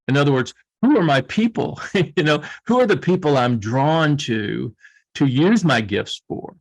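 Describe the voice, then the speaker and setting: A man's voice: medium pitch, expressive, a little slow, vocal fry. Earnest middle-aged Southern US man. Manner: earnest, repeats and restarts phrases. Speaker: guest, leadership coach. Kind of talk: reflective coaching talk.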